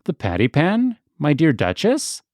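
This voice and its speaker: A man's voice: on the high side, wildly swooping pitch, measured pace, a little mellow, no echo, clean studio sound, voice pushed up. A man voicing a prim, proper female cat hostess who speaks in a genteel, disapproving, matter-of-fact way.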